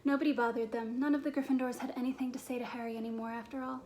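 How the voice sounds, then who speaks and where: A woman narrating a children's fantasy novel aloud in a clear, steady storytelling manner. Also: on the high side, racing, a little hiss or hum. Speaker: audiobook narrator.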